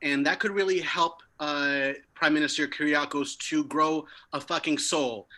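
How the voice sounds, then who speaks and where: Bright-voiced young man doing stand-up. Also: on the high side, normal speed. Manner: deadpan jokes with sudden bursts of loud emphasis. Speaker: stand-up comedian. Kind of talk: stand-up set over a video stream.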